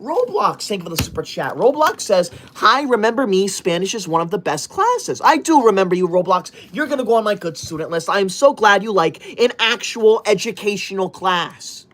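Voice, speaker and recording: A man livestreaming in a strict teacher persona, reading viewer comments out loud in a loud, indignant and bossy way. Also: high voice, lively intonation, moderate pace, few pauses.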